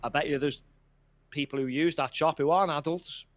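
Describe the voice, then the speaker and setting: Blunt sarcastic English man, higher voice. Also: fairly even intonation, a little fast, no echo. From England. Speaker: podcast co-host. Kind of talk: casual opinionated chat.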